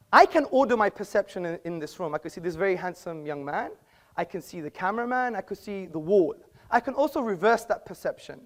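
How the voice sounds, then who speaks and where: A man giving a formal debate speech in an auditorium, lecturing and argumentative, with rhetorical questions. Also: sits high.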